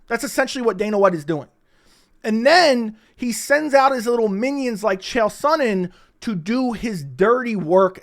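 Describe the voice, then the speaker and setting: A man giving sarcastic, profane reaction commentary on interview clips. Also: high-pitched.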